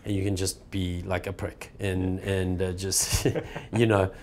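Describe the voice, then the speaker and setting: A middle-aged man with a South African accent talks in an easygoing, casual way, tossing in "man" and "bro". His voice sits a little low. He laughs easily as he answers. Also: monotone, measured pace, slight background noise. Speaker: actor guest. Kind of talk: casual interview chat.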